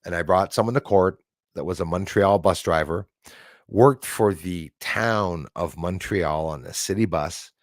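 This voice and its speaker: A deep-voiced Canadian man talks straight into a close, dry mic with no room sound. He drifts from one story to the next, circling back, restarting sentences and tossing in asides as he goes. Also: a little slow, no echo. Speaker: livestream host. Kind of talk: rambling casual monologue.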